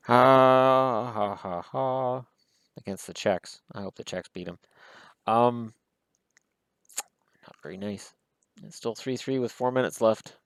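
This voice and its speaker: A man's voice: fairly low pitch, no echo. A man giving casual solo hockey commentary in a rambling, wry way, with self-deprecating asides.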